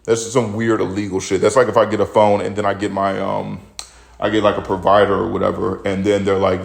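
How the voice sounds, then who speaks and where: The delivery is completely flat, a little fast and creaky, at a fairly low pitch. It comes from a young podcast host ranting bluntly and profanely about the news in casual opinion commentary, a bit out of breath.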